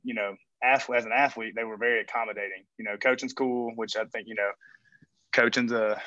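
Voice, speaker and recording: A man's voice: fairly low pitch, pushed and bright, dry recording. A man talking as a coach and guest on a remote call from a gym, rambling and joking with lots of fillers. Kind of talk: casual interview chat. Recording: dull dry remote call audio.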